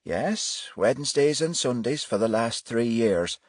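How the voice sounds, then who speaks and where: A man voicing a middle-aged male pastor with a soft Irish brogue and a solemn, gentle manner. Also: mid-range voice, animated, a little slow, no echo, clean studio sound, voice pushed up. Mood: gently solemn.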